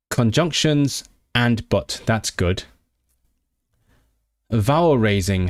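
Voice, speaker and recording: A man's voice: on the low side, no room sound, studio quality. A young man live-streaming his language study, chatting with viewers and sounding out foreign words with frequent restarts. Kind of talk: casual live-stream chat.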